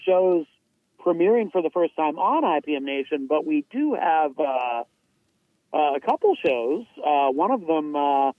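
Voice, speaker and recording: High, soft-toned guy on a podcast, lots of uhs, dry mic. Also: big pitch swings, a little slow, no echo, narrow, tinny audio. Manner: hesitant, many uhs and restarts. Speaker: co-host. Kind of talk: casual chat. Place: podcast studio.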